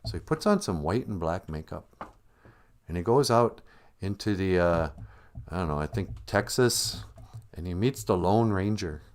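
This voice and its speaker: A livestream host with a deep, expressive voice speaks at a measured pace, spinning a rambling, jokey story on the fly. He slips into silly voices for the characters in this casual comedic storytelling.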